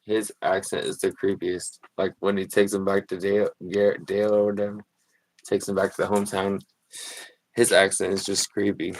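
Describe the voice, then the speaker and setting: Low-voiced young man rambling casually. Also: little pitch movement, moderate pace, poor audio. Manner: rambling, laughs through stories. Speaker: streamer drawing with a guest. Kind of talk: casual chat. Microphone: video call.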